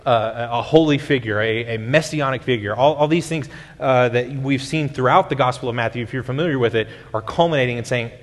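In a church sanctuary with long hall reverb, a male pastor with a mid-range voice preaches briskly. His sermon takes a conversational teaching style, and he often restarts his sentences.

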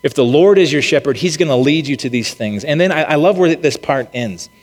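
A man's voice: a little high, expressive, fairly quick. A man giving a sermon in a casual, conversational way, with frequent restarts and check-ins with the listeners. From United States. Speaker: pastor. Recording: long reverb of a large hall.

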